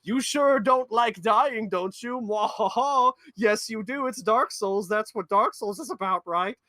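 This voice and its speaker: A man's voice: sits high, pushed and bright, no room sound, voice pushed up. A man putting on a cackling old witch. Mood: taunting. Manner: drawn-out, gloating taunts. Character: cackling, mocking old female fire-keeper witch.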